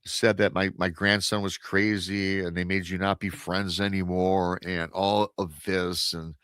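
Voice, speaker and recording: A man's voice: sits low, little pitch movement, measured pace, a bit bright, smooth, no echo, clean studio sound. A man telling a spooky story in a casual, rambling way on a radio show, repeating words and acting out the dialogue.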